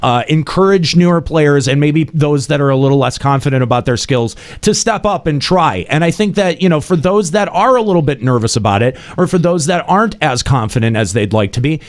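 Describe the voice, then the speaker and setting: Animated man ranting on a podcast. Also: a little high, a little fast, few pauses. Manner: animated, swearing, emphatic ranting. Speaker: podcast host. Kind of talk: casual podcast chat.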